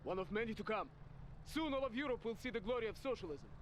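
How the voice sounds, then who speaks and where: A zealous young Soviet captain with a Russian accent. He talks fast in a strikingly high voice, with faint noise behind him. This is video game dialogue. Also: animated. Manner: earnest, patriotic.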